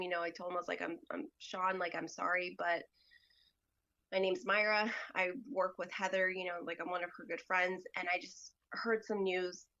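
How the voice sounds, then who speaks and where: A woman guest on a podcast, telling a personal story in a halting way, full of "like" and "you know". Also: lowish voice, pushed and bright, highs cut off.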